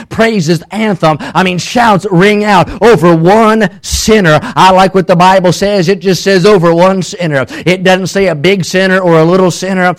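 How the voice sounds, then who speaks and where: A male preacher with a notably high-pitched voice. He preaches a sermon, climbing into shouts and then dropping to hushed, slow storytelling.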